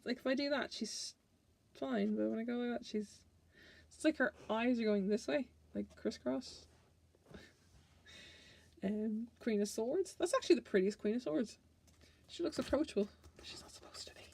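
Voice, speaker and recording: A woman's voice: a little high, moderate pace, gravelly, darkish tone. A woman tarot reader chatting casually through a card deck, playful and giggly.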